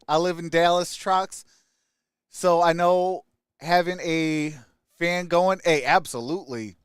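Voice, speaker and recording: A man's voice: on the high side, steady tone, takes it slowly, pauses often, clear, resonant tone, dry recording, clean studio sound. Upbeat man hosting a live stream. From Michigan. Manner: upbeat, greets viewers by name, frequent "hey". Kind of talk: casual live-stream chat reading comments.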